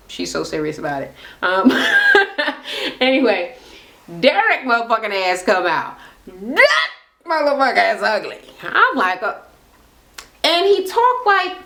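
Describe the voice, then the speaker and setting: A married woman recapping a reality show in casual chat, rambling, swearing freely and acting out quotes as she goes. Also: mid-range voice. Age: adult, married. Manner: animated, profane and rambling, often acting out quotes.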